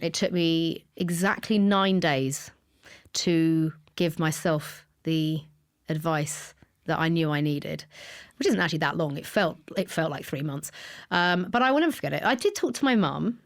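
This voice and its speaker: A woman's voice: low voice, unhurried. A woman, a podcast guest telling her own story candidly and with feeling, sometimes sinking to a whisper. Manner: emotional, drops to a whisper when reliving moments.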